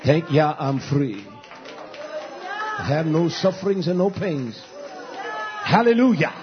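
A male pastor preaching a fiery, scolding sermon, swinging from low mutters to shouts, on a dull lo-fi recording. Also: sing-song, slow pace, crowd noise, background noise.

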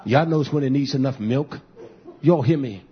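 At a moderate pace, a man gives a fiery, blunt sermon that keeps repeating itself. He alternates between shouting and muttering low. The recording is lo-fi and muffled.

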